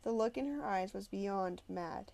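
A woman narrating an audiobook in the first person with an expressive, conversational delivery. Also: mid-range voice, measured pace, vocal fry.

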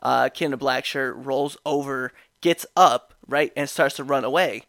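A man hosting a podcast, telling a story in a casual, animated way with frequent laughs and restarts. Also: medium pitch, normal speed, gravelly, dry recording, studio quality. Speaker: podcast host.

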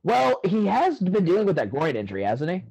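A man's voice: high voice, huge pitch swings, brisk, vocal fry, a little mellow, slightly rough, lo-fi sound. A man co-hosting a podcast, chatting casually and laid-back with lots of fillers, on poor-quality audio. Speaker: podcast co-host. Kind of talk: casual chat.

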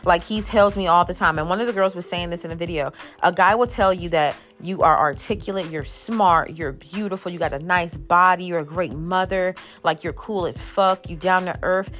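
A woman's voice: fairly low pitch, moderate pace, hardly any pauses, a bit bright, soft background music. A woman in her thirties ranting casually to camera, blunt and exasperated, swearing freely. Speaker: vlogger.

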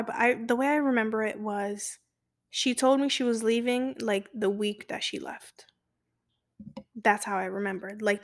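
Young woman podcasting, kinda high voice, soft and rambly, lots of likes and ums, goes whispery sometimes. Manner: rambling and confessional, lots of fillers; soft-spoken, dropping into a whisper at times. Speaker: podcast host. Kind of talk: personal storytelling.

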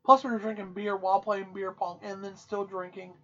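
A woman co-hosting a podcast, telling a rowdy anecdote in loose, profane, animated casual chat. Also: mid-range voice, fairly quick. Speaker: podcast co-host. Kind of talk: casual storytelling. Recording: dull, muffled audio.

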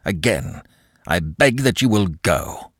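A man's voice: fairly low pitch, animated, takes it slowly, no echo, clean studio sound. A man voicing a stern, angry older uncle who speaks harshly and dismissively. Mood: curt.

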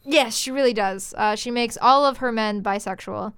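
A woman's voice: a little high, moderate pace, fairly bright tone, smooth, no echo, studio quality. A woman reading fan fiction aloud with mock drama, swearing and laughing as she goes. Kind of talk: comedic dramatic reading and banter.

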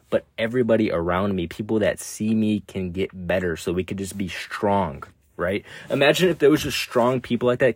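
Brief: young male podcast host, low-pitched, dry close sound, swears freely, repetitive pep talk. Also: dry recording. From United States. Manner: blunt, heavy swearing, repeats himself. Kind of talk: casual motivational monologue.

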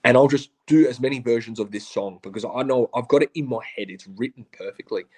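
A man's voice: mid-range voice, quick pace, husky. A man with an Australian accent, a podcast guest telling stories in casual, slangy chat and acting out what others said. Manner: animated, slangy, acts out quotes of others. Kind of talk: casual storytelling.

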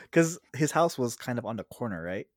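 A man casually telling a rambling story to a friend, often laughing as he talks. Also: medium pitch. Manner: laughs through his own stories; loose, rambling with restarts.

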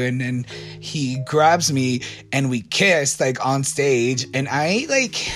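A man's voice: medium pitch, very animated, slow, fairly bright tone. American male storyteller, chatty and rambling, faint music underneath. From United States. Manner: rambling, self-correcting, many fillers. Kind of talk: casual storytime.

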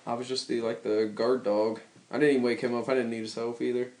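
A man's voice: mid-range voice, little pitch movement, darkish tone. Rambling young man in an echoey room. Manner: rambling, joking, drawn-out pauses. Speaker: podcast co-host. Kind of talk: casual chat.

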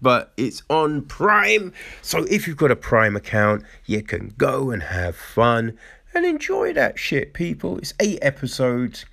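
A man's voice: medium pitch, huge pitch swings, unhurried, gravelly, sharp tone. A man reviewing a TV show in a casual rant, exasperated and profane, often repeating himself for emphasis.

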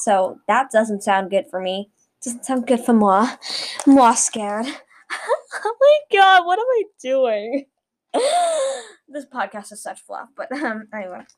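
Giggly rambling teenage girl, slightly high voice. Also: darkish tone, slight background noise. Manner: rambling, giggly and self-conscious. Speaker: podcast host. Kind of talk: casual solo podcast chat. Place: bedroom at home. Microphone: webcam mic at a distance.

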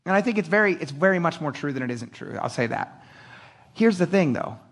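A man's voice: a little high, big pitch swings, brisk, a bit bright, husky. A middle-aged male pastor giving a casual, conversational sermon, acting out quotes with lots of energy and laughing often.

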